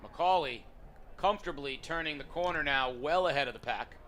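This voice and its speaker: A man's voice: on the high side, animated, moderate pace, pushed and bright, a little hiss or hum. A man calling play-by-play at an outdoor track meet, reading out the entrants and leaders. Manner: reads names and calls the race plainly. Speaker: play-by-play announcer. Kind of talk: live sports commentary.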